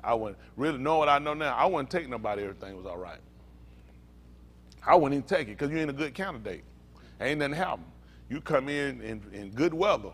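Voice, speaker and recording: Animated man preaching with stories. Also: medium pitch, brisk, slightly rough. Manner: animated, laughing storytelling with Southern slang. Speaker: pastor. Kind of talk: storytelling sermon.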